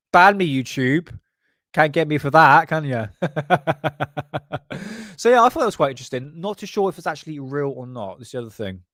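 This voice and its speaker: A man's voice: fairly high pitch, animated, normal speed, long pauses, a bit bright, no echo, clean studio sound. A man hosting a casual vlog, giving crude, joking commentary on paranormal photos and laughing often. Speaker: channel host.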